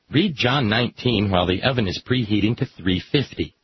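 Husky man with a sardonic deadpan. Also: lowish voice, moderate pace, no room sound. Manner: sardonic, deadpan, with mock-pious readings. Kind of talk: satirical reading with asides. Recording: dull lo-fi recording.

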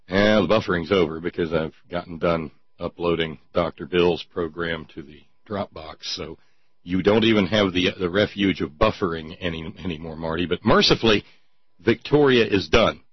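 A man's voice: low voice, moderate pace, husky, no echo. A man hosting a talk show, mocking his topics in casual sardonic commentary and reading listener notes aloud. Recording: dull lo-fi sound.

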